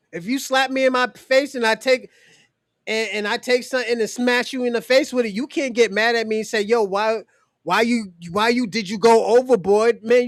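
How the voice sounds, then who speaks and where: A man's voice: extremely high pitch, fairly bright tone, dry recording, studio quality. A man hosting a podcast who gives blunt, profane opinions in casual talk and speaks straight to his co-hosts. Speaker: podcast host.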